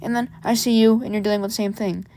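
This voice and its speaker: A woman's voice: medium pitch, flat delivery, fast talker, mellow, dry recording, lightly acted. A woman voicing a tired, resigned male robot built as an old statesman, speaking in a gloomy way. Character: weary robot man built as a famous president.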